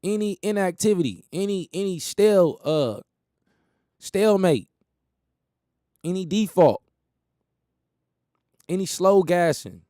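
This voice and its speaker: A man's voice: high-pitched, animated, takes it slowly, pauses often, dark tone, dry recording, studio quality. Emphatic man riffing on talk radio. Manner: rambling, emphatic, repeats phrases, laughs at his own jokes. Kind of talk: casual monologue.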